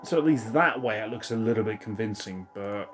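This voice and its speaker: A man's voice: on the low side, fairly quick, faint music behind. Rambling man reviewing a film. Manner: rambling, swears casually. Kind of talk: casual commentary while watching a film.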